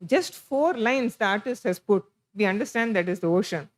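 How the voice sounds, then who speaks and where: A woman's voice: medium pitch, animated, normal speed, poor audio. A middle-aged woman with an Indian English accent gives an illustrated lecture to an audience, telling stories, acting out quoted lines and chanting Sanskrit verses. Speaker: guest lecturer on temple sculpture.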